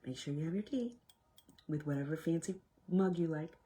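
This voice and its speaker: Against a noisy background, a woman with a low-pitched voice speaks a little fast as she leads a self-help workshop with a casual motivational talk. Her animated delivery swings between loud bursts and near-whispers.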